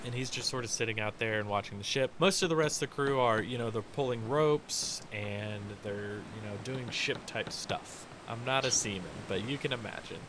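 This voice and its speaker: A man narrating a tabletop game as game master, describing scenes in a relaxed, rambling way. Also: mid-range voice, normal speed, few pauses. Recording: noisy home recording.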